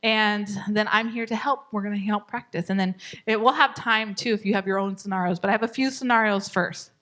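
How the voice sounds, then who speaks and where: A woman teaching a live parenting class, animated and laughing often, acting out short parent and child lines. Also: mid-range voice, fairly quick.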